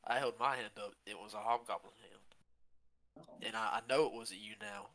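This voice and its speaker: Bright-voiced man playing his character. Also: fairly low pitch, steady tone, normal speed. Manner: earnest, pleading. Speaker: player. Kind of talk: in-character tabletop role-play.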